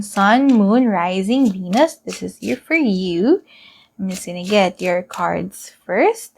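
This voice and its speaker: A young woman talks through a tarot reading to camera in a loose, rambling way. She giggles often and restarts her sentences as she goes. Her voice sits at a medium pitch. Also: gravelly. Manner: chatty and rambling, laughs often. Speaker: tarot reader.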